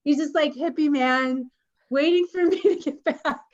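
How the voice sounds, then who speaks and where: A woman's voice: high-pitched, measured pace. Woman telling a story on a video call. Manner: animated, laughs while telling a story. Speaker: co-host of an online community meeting. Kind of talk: personal storytelling. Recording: slightly dull video call audio.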